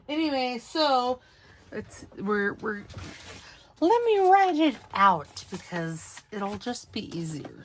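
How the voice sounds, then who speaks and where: Slightly high and fairly bright, this woman's voice carries a touch of background noise. She's a craft channel host who rambles and scatters her thoughts, looking for supplies and correcting herself mid-chat.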